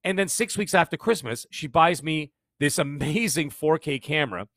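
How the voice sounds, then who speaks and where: A man's voice: fairly high pitch, no echo, clean studio sound. A man in his fifties with a Canadian accent, telling stories energetically as a podcast guest. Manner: fast, energetic storytelling with frequent restarts. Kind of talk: casual interview chat.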